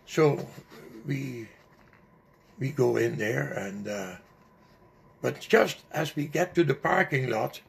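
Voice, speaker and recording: Slow, gravelly older man telling a story. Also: mid-range voice, expressive. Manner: slow, halting, full of fillers and restarts. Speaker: interviewee. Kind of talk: personal storytelling.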